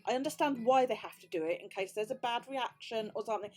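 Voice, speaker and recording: A British woman with a husky, slightly breathy voice that sits a little high for a woman. She chats casually to camera as a vlogger, retelling events in her own words. She swears freely and acts out the quoted back-and-forth. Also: fast, faint music behind. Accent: British English. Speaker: crafting vlogger. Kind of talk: casual storytelling chat.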